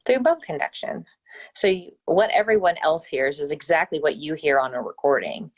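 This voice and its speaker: A woman's voice: sits low, lively intonation, normal speed. A woman speaking as a podcast guest and speech coach, explaining with upbeat, emphatic delivery on a remote call. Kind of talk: casual interview chat.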